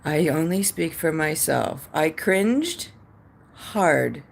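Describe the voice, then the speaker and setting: On her livestream, a Canadian woman reads comments from chat and replies, chatting with viewers in a wandering style full of filler words. She has a low, creaky, sing-song voice and draws out her words, with slight background noise behind her.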